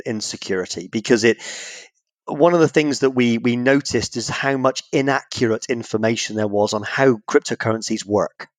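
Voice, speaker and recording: A man's voice: medium pitch, no echo. Jokey English man, dry close sound. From Britain. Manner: jokey, acts out phone calls in voices. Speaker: guest author. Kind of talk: casual podcast interview.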